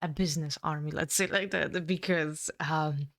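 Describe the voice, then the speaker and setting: Female co-host, low voice, halting plot recap. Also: fairly even intonation, a bit bright. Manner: halting, many ums and restarts. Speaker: book reviewer co-host. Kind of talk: casual chat, retelling a plot.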